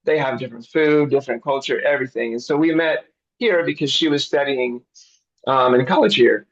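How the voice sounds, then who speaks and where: A middle-aged man who grew up overseas as a missionary kid and now works as a missionary director gives a laid-back video-call interview, frequently chuckling. His mid-range voice runs a little fast, and the recording has its highs cut off.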